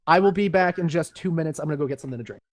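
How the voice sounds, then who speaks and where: A man hosting a casual lore reading over voice chat, relaxed and organizing volunteers. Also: fairly high pitch, rapid-fire, no echo, studio quality. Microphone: voice chat headset.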